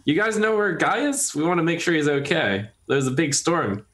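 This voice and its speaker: Tabletop player, curious, casual, mid pitch, varied intonation. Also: very animated, moderate pace, a bit bright. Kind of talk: in-character tabletop play.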